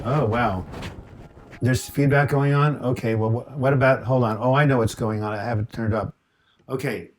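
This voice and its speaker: A man in his sixties with a cold, hosting a casual live Q&A on a lapel mic, chatting as he reads out viewers' comments and answers them. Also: mid-range voice. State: getting over a cold. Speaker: host of a mental health Q&A. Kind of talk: casual live video chat. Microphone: lavalier mic.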